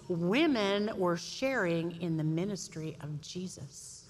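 A woman giving a storytelling sermon to a women's audience, animated and acting out voices. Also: on the low side, a little slow, few pauses. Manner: lively storyteller, acts out voices. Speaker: speaker at a women's event. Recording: echoey hall, faint room noise.

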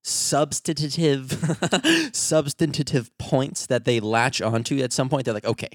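A man's voice: medium pitch, expressive, slow, no echo, clean studio sound. Laid-back man riffing on a podcast. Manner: rambling, jokey, laughs often. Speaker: podcast co-host. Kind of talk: casual chat. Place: small home studio. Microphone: studio microphone.

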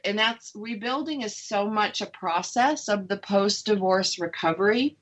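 A woman's voice: mid-range voice, measured pace. Chatty woman host, candid and open. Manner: chatty, candid, laughs easily. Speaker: radio show host sharing her divorce story. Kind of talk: casual radio conversation.

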